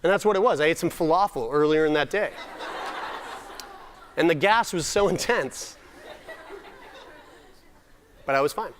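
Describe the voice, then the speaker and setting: A man's voice: a little high, moderate pace, pauses often, some chatter behind, slight background noise. A young man from Nova Scotia giving a humorous personal storytelling talk at a summit, self-deprecating with comic timing and frequent restarts. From Nova Scotia, Canada. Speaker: summit speaker.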